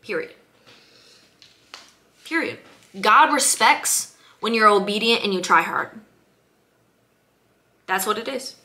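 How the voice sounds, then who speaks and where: A woman's voice: mid-range voice, expressive, slow pace, pauses often, bright, forceful tone. A young woman giving a blunt, emphatic motivational rant to her viewers, swearing often and hammering points with repetition. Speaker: vlogger. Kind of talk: ranting motivational monologue to camera.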